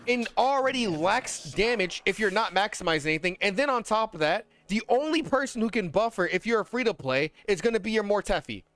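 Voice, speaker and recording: A man ranting in casual, slangy talk as a gaming content creator, heated and animated, swearing freely. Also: high-pitched, brisk, hardly any pauses, no echo.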